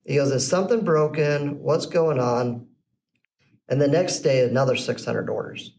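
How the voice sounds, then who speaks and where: With a medium-pitched voice, a moderate pace and vocal fry, a middle-aged podcast guest tells his business story casually. He animatedly acts out the dialogue of the people in it, and the recording has a slightly distant mic and faint background noise.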